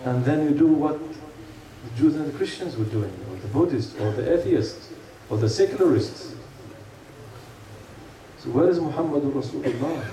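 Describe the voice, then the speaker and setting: A man's voice: fairly high pitch, lively intonation, normal speed, crowd noise. A man giving an earnest sermon, asking rhetorical questions and telling stories to a congregation. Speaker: preacher. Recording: echoey room, mic far off, faint hum.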